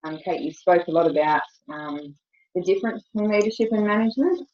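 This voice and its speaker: Woman, thoughtful check-in share, lowish voice, roomy echo, dull call audio. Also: brisk, a little mellow. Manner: thoughtful, with fillers. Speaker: team member in a check-in. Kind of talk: casual meeting check-in.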